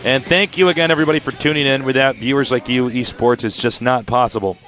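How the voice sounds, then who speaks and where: A man's voice: mid-range voice, steady tone, fast, a bit bright, soft background music. A man casting a live esports match with playful jokes and play-by-play that speeds up in tense moments. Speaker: esports commentator. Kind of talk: live game commentary.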